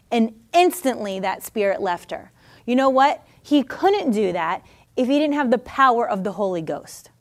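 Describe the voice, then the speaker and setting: A woman Bible teacher preaching on her podcast with fiery, exhorting energy. Her voice sits a little high, and she laughs easily between calls to action. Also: animated, normal speed. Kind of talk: podcast sermon.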